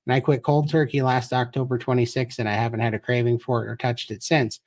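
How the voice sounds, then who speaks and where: Male guest, earnest and explanatory, mid-pitched voice, live-stream chat. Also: flat delivery, fast talker, darkish tone. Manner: earnest, explanatory, tells his story.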